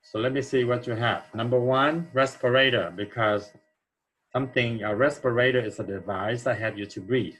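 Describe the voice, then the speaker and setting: A man's voice: mid-range voice, normal speed, a bit bright, slightly rough, poor audio. A man teaching an English grammar lesson, explaining answers step by step and checking in with "okay?" as he goes.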